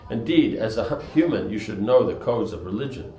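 A lazy, ancient male monkey who speaks in a slow, lofty and measured way, as a male reader voices him in a storybook reading. His voice sits on the low side. The room adds a clear, roomy echo. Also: lively intonation, mellow, lightly acted.

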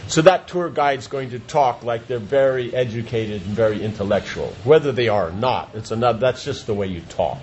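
A man's voice: mid-range voice, brisk, few pauses, darkish tone. Man explaining with everyday examples. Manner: explains with everyday examples, often asks if it makes sense. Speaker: teacher. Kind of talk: informal class discussion. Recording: dull lo-fi sound with light noise.

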